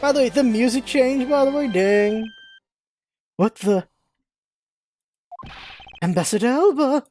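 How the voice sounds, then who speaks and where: A woman's voice: a little high, warm tone, soft background music. Chatty woman playing a game. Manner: chatty, self-mocking, quick exclamations. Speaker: let's play host. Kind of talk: casual game commentary.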